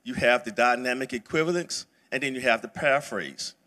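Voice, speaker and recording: A man teaches a Bible study class at church. He talks in a loose, conversational way, stopping to restart phrases and filling pauses with "uh" and "um." His voice has a bright, forceful edge, and his pitch sits in the middle for a man. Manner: casual and conversational, with many fillers and restarts. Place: church sanctuary.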